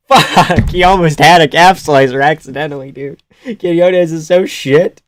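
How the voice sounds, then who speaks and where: A man doing casual, profane live-stream commentary on a fight from a room in his house. He shouts at big moments and talks low between them. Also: normal speed. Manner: excitable, profane, yells at the screen then chats quietly.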